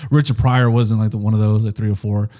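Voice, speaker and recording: A man's voice: fairly low pitch, flat delivery, fast talker, mellow. A young man co-hosting a casual podcast, talking bluntly with lots of swearing and emphasis. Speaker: podcast co-host.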